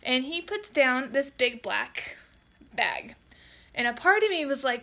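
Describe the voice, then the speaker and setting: Her pitch is high, with some vocal fry, as this photographer tells a storytime vlog. She sounds exasperated and lively, rattling off customer quotes in fast voices.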